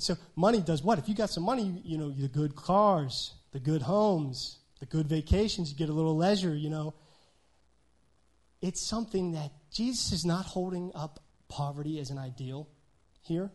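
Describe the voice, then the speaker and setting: A man preaching a sermon with a slightly high voice. He talks conversationally, tossing in frequent "right?" asides, and swings between loud emphasis and quiet, hushed remarks. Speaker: pastor.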